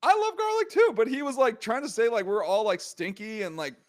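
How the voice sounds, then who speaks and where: A young man hosting a casual sports podcast, animated and joking, heated as he rants, full of slang and filler words. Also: very high voice, a little fast. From Korean American. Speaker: podcast host.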